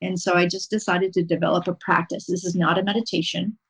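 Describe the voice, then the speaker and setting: A woman guest on a podcast interview, calmly and patiently explaining a mindfulness practice step by step, pausing now and then with an um. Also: on the low side, slightly rough, rough recording. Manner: calm, instructive, unhurried with frequent um pauses. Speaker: podcast guest, horse-assisted wellness coach.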